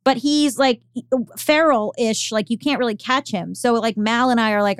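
A woman's voice: a little high, fairly quick, few pauses, clear, resonant tone, no room sound, studio quality. A woman co-hosting a podcast, talking candidly and rambling with lots of fillers. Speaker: podcast co-host. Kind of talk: casual podcast chat.

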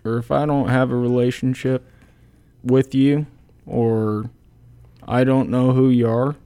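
A young man in his twenties speaks at an unhurried, drawn-out pace, relaxed and plainspoken. He is a college kicker chatting casually as a podcast guest, leaning on fillers as he thinks aloud. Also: mid-range voice, clean tone. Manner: laid-back, plainspoken, many fillers.

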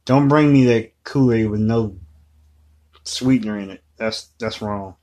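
A man co-hosting a podcast in casual chat, making wry deadpan jokes. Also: lowish voice, a little slow. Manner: joking, wry, deadpan asides. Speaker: podcast co-host.

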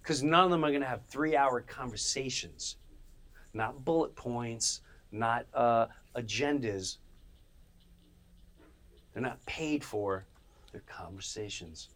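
A man hosting his podcast, telling stories in a casual monologue. He laughs as he goes and swings from loud bursts to quiet asides. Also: slow, long pauses. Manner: animated, laughs mid-story, jumps between loud bursts and low asides; acts out other people's voices. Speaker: podcast host.

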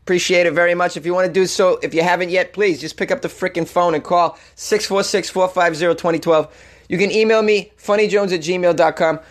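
A young man hosts a comedy podcast in a casual, playful way, swearing and poking fun at himself. He speaks with a Boston accent and a fairly high voice. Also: steady tone, brisk. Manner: playful, swearing, self-mocking. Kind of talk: casual announcement.

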